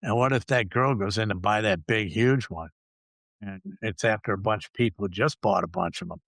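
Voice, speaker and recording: Male talk host, low gravelly voice, dry close sound; blunt, profane, sarcastic. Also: normal speed, a bit bright, dry recording. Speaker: podcast host. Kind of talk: ranting solo talk show.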